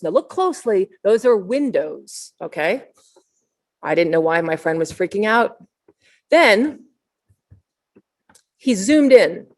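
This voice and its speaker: A woman preacher giving a storytelling sermon at an online service, building to excited, near-shouted peaks. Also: fairly high pitch. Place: online service, shared screen.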